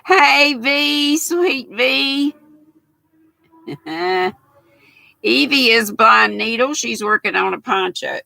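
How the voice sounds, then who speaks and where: Older woman, live-stream host; slow, gravelly, bright-toned, homey chatter. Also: fairly high pitch, animated, dry recording. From United States. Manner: folksy, greets viewers by name, calls them honey and darling; chatty, rambling, with soft laughs. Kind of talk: casual live-stream chat with viewers.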